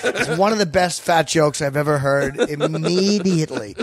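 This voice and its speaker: Blunt, profane man chatting on a podcast. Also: fairly high pitch. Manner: blunt, profane, quick storytelling. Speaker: guest comedian. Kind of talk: casual podcast chat.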